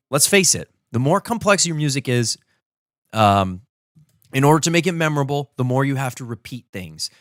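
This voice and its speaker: Animated man breaking down his own song. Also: mid-range voice, no room sound, studio quality. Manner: sings rhythms and melodies out loud while explaining; enthusiastic, thinks aloud with fillers. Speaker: musician streaming his composing session. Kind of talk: casual explanatory livestream talk.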